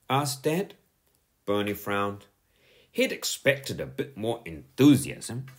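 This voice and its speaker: A man narrating a children's audiobook in an expressive storytelling manner. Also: on the low side, slow.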